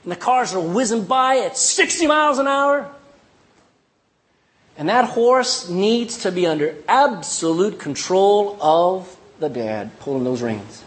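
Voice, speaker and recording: A middle-aged man with a high voice delivers an animated, emphatic sermon at an unhurried pace. He acts out little scenes and drives his points home through repetition.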